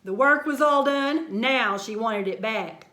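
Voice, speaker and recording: Woman reading a children's book, high voice, slow unhurried pace, bright tone. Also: a little hiss or hum. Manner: expressive, sing-song rhyming delivery. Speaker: children's storyteller. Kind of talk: reading a picture book aloud. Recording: roomy echo.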